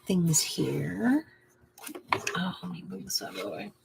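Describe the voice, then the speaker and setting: A woman's voice: lowish voice, very animated, a little slow, vocal fry, noisy background. A woman hosting a craft video, chatting and muttering to herself while she paints. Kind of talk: casual talk while painting.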